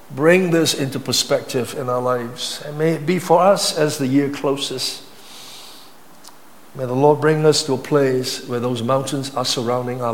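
Emphatic preacher man in a reverberant hall. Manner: emphatic preaching, rising to high-pitched intensity, with repetition. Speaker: pastor. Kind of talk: sermon.

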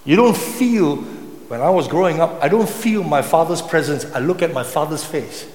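A man preaching a sermon with passion, sometimes rising to loud cries. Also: on the high side, animated, moderate pace. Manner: impassioned, rising to shouts when voicing psalm cries. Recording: echoey hall with long reverb.

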